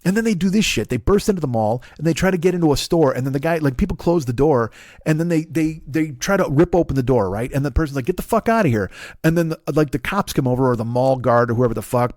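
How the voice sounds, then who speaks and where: Comedic host, man in his 40s, foul-mouthed ranter, mid-pitched, dry booth sound. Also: darkish tone, no echo. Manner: swearing, ranting, mocking voices. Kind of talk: profane comedic rant.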